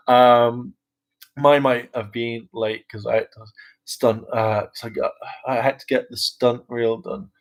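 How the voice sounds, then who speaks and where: A vlogger and hopeful actor with an ordinary-pitched voice rambles casually to his viewers, drifting from thought to thought with lots of "um"s and "like"s. He's chatty and self-mocking, laughs, mimics voices and swears offhandedly now and then. His delivery is flat and unhurried, and the audio is poor.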